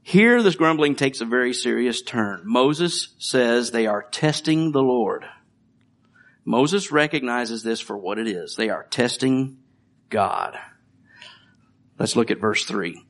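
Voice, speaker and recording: A man's voice: mid-range voice, lively intonation, takes it slowly, fairly bright tone. A middle-aged man preaching a conversational sermon, reading scripture and joking about his children. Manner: conversational, with light jokes and laughs. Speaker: pastor.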